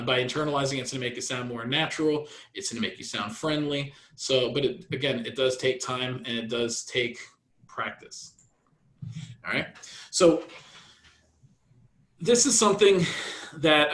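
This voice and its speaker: Male sales coach, mid pitch, energetic, repeats points, roomy sound. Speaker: real estate sales coach. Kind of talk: training session.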